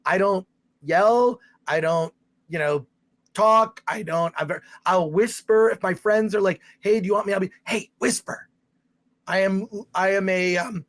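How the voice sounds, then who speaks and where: A man hosting a live stream, giving a rambling, exasperated spoken movie review. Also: high voice. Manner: rambling, exasperated, with restarts and loud outbursts.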